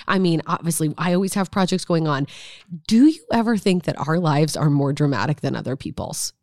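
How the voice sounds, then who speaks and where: Lower-voiced woman co-host. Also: lively intonation, darkish tone, no echo, studio quality. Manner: reactive, quick exclamations and laughter. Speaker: podcast co-host. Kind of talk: casual chat.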